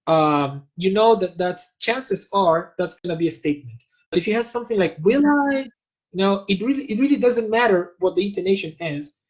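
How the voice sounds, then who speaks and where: Here the guest expert is a Spanish-speaking man with a high-pitched voice, giving a measured, lecture-style explanation in an academic talk. He pauses now and then while searching for words, and the recording is rough.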